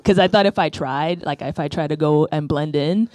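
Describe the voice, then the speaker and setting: A woman's voice: low-pitched, moderate pace, darkish tone, no room sound. A woman, doing a rambling, self-deprecating stand-up routine into a stage mic. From the Bronx, New York. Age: 30s. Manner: rambling, self-deprecating, asks "right?" often. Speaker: stand-up comedian. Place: comedy club stage.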